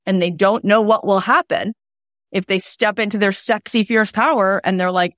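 A woman's voice: medium pitch, moderate pace, fairly bright tone, dry recording, studio quality. A woman hosting a candid podcast conversation, telling stories animatedly, laughing and acting out quotes. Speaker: podcast host.

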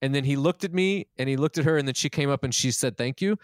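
A man's voice: medium pitch, quick pace, no room sound, studio quality. A man who is a comedian, talking in a casual chat, self-deprecating and rambling, with many restarts, and swearing freely when he acts out a scene. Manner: profane and animated when retelling scenes.

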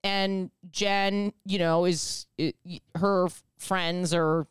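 Woman, podcast host, smooth clear voice, dry close sound, rambling, jokey. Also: fairly low pitch, steady tone, slow pace, dry recording. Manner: rambling, joking. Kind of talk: casual chat.

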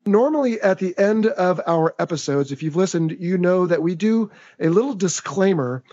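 An American man hosts a podcast in an easy, chatty manner. His voice sits a little high for a man and carries an upbeat, rambling energy. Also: lively intonation, moderate pace, a little mellow, lo-fi sound. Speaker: podcast host. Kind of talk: casual podcast talk.

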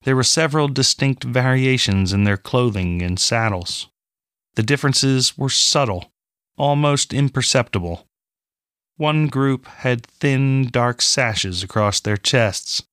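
A man narrating a fantasy audiobook in a measured, even storytelling manner. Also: mid-range voice, clean tone, dry recording, clean studio sound.

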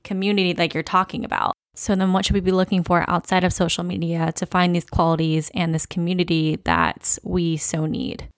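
A woman podcast host asks her guest a thoughtful question in a measured, fairly low voice. The recording is dry and close. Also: level tone, no echo. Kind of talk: interview question.

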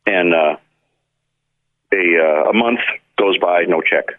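A man who makes effects pedals is a guest in a casual storytelling interview, his low voice slow on a tinny phone-line recording with no echo. He is an animated storyteller, acting out the voices of people in his stories.

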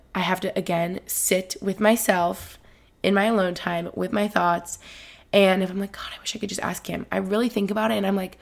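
A woman's voice: fairly low pitch, creaky. A woman in her twenties hosting a casual solo podcast, rambling and emotional, with lots of "like". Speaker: podcast host.

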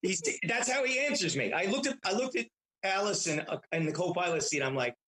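A man with a higher-pitched voice tells old family stories as a guest in casual conversation. He keeps restarting his sentences and repeating words as he goes. He sounds middle-aged. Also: expressive, a little fast, fairly bright tone, low-quality recording. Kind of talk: casual storytelling.

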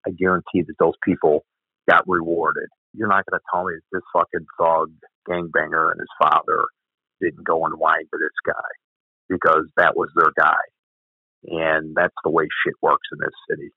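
A man's voice: extremely low pitch, level tone, moderate pace, no echo. A former police officer, telling blunt, profane stories from his career in an interview. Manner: blunt, profane, gravelly storytelling. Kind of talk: storytelling interview. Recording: dry, phone-like audio.

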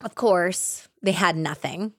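A woman hosting a true crime podcast, casually retelling a case with animated acted-out quotes and lots of "like". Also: fairly low pitch, slow, dry recording, clean studio sound. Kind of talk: casual storytelling.

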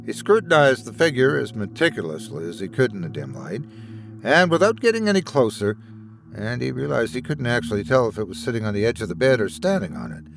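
Male horror narrator, very animated pitch, steady music bed. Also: fairly quick, creaky. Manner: dramatic, animated storytelling. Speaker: podcast host and narrator.

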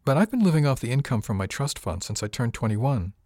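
A man voicing a composed, wealthy young woman in an audiobook, calm and matter-of-fact. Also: mid-range voice, fast talker, no echo, clean studio sound.

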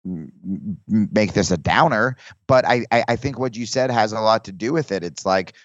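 A comedian guest talking in casual podcast chat, rambling with restarts and acting out quoted lines. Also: male voice, fairly low pitch, normal speed, no echo, dull audio.

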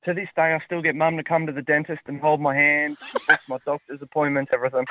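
A man's voice: a little high, level tone, fast, heavy background noise. Man, thirties, caller, tinny phone line, sheepish. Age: 30s.

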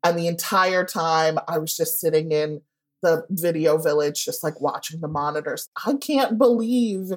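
Woman guest chatting about her work, lowish voice, lots of "like". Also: moderate pace. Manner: chatty, heavy use of "like", animated quoting. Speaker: guest writer. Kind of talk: casual storytelling interview.

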